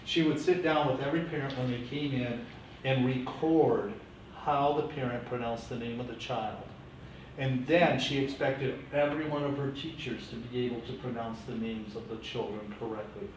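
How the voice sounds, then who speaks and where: A man teaching a classroom lecture, lively and coaching his students. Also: medium pitch, normal speed. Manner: lively, coaching students through name pronunciation. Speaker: teacher educator. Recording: echoey classroom from far off, faint hiss.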